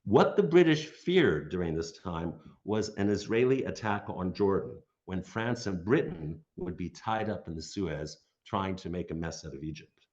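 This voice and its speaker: Male lecturer, lowish voice, reads prepared talk with wry, sardonic asides; dull lo-fi recording. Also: expressive, moderate pace, few pauses, a little mellow. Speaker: guest lecturer. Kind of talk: read history lecture.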